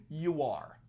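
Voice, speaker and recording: A man's voice: high-pitched, a little mellow, slightly rough. A man livestreaming, ranting in a profane, mocking and taunting way. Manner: taunting, provocative.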